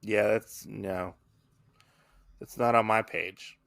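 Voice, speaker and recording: A man's voice: lowish voice, slow, vocal fry, no echo. A man co-hosting a podcast, chatting casually and animatedly about a comic he is reading. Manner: animated, slips into silly character voices. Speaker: podcast co-host.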